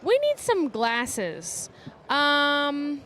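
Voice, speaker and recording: Woman co-host, very high voice, upbeat and chatty, faint background noise. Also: moderate pace, a bit bright. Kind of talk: casual live broadcast chat.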